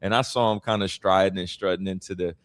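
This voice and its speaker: A deep-voiced man in his forties tells stories with animated energy, acting out other people's lines as he goes. His voice sits low, and the sound is dry and close. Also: fast, dry recording. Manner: animated storyteller, acts out quoted voices. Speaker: guest speaker and author. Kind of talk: storytelling interview answer.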